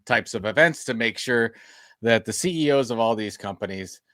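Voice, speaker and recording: Male co-host, mid-pitched, dry sound, emphatic and lively. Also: a little fast, dry recording. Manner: animated, emphatic, repeats himself when riled. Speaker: podcast co-host. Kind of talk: casual chat.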